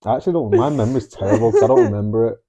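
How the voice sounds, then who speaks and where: A young man chats on a podcast in a dry, easygoing way. His voice is mellow and warm, and he talks about everyday life at a relaxed pace. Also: medium pitch, very fast, highs cut off. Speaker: podcast co-host. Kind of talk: casual chat.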